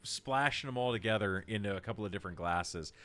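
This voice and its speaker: A man's voice: lowish voice, quick pace, a bit bright. A man narrating as game master in a casual, filler-heavy way.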